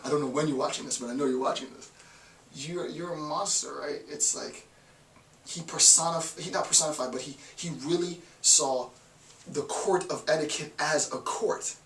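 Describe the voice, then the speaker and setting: A man giving an informal philosophy lecture, emphatic and forceful, often checking in with "right?". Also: on the high side, moderate pace, a little hiss or hum. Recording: echoey room, voice from far off.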